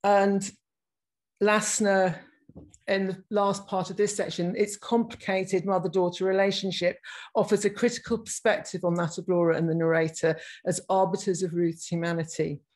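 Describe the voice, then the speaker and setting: A woman, giving a reflective talk over a video call and reading passages aloud, with halting phrasing and frequent restarts. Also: mid-range voice, level tone, darkish tone, low-quality recording. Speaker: guest speaker.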